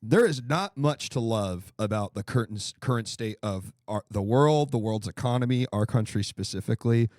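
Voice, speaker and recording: A man's voice: fairly low pitch, expressive, normal speed, hardly any pauses, a little mellow, no room sound, clean studio sound. A man hosting a casual call-in show, rambling and laughing often. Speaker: host.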